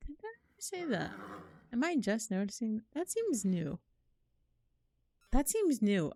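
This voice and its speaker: A woman's voice: a little high, dry recording, clean studio sound. A young woman streaming a horror game, chatting casually to her viewers, slangy and swearing, shrieking when startled. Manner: talks to chat, slangy and swears. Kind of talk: casual live-stream commentary.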